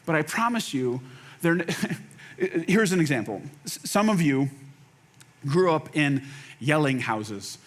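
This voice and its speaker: Pastor, male, high-pitched; casual animated sermon delivery with acted-out quotes and repeated lines. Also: slow, pauses often. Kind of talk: conversational sermon.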